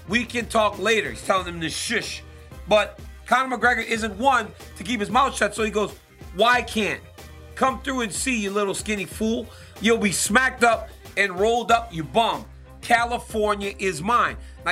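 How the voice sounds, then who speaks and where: A man's voice: sits high, pushed and bright. A man hosting a sports talk show, answering listener questions in an emphatic, conversational way and often checking in with "right?". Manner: emphatic, keeps asking "right?".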